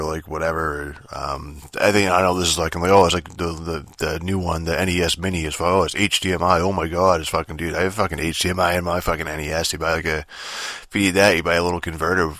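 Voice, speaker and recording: A man's voice: low-pitched, bright, forceful tone, no room sound, clean studio sound. A man hosting a podcast, rambling through a casual monologue, swearing constantly and full of fillers and restarts. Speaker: podcast host.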